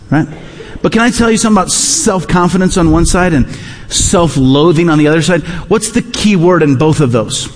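A man's voice: sits high, expressive, moderate pace. A man preaching a sermon as pastor in a church, emphatic, repeating his key phrases. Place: church sanctuary.

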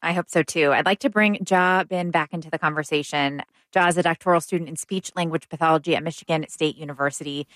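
A woman hosting an interview, asking calm, curious questions. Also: low-pitched, fast, few pauses, no echo. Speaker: interview host.

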